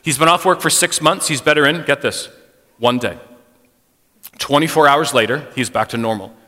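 A man preaches to a congregation in a loose, conversational way, often poking fun at himself as he tells stories. His voice is bright and clear. A long hall reverb trails each phrase. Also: a little high, moderate pace. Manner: conversational, self-deprecating storytelling. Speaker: speaker addressing a congregation. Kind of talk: sermon with personal stories.

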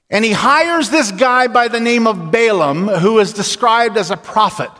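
Higher-voiced preacher in a reverberant hall. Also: male voice, fairly bright tone. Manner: storytelling, slows and drops low for emphasis. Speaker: pastor. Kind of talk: sermon. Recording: long reverb of a large hall.

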